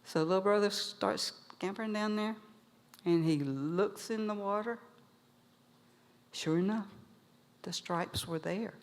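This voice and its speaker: A woman storyteller telling a traditional animal tale to a live audience, animated and lively. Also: mid-range voice, measured pace, pauses often. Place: museum event hall. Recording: long hall reverb.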